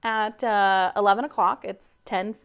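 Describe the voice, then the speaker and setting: A woman co-hosting a podcast, telling a story in animated casual chat and swearing freely. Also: mid-range voice, unhurried, clean tone, highs cut off. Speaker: podcast co-host.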